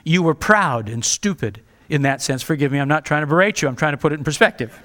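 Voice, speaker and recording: Male pastor, sermon delivery, earnest and direct, bright forceful tone. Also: on the high side, expressive, fast talker. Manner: earnest and direct, pleading with listeners.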